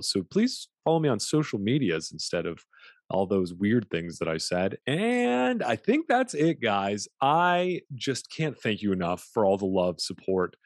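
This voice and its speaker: Male podcast host, low-ish voice, playful and teasing; dry close mic. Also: no echo. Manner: goofy, teasing, playful asides. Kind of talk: podcast intro and interview. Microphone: studio mic, video call.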